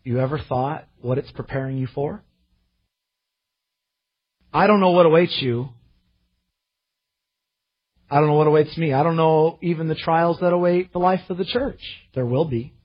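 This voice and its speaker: Husky man preaching a fervent sermon. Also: fairly high pitch, lo-fi sound. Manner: impassioned, slows to emphasize scripture. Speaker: pastor.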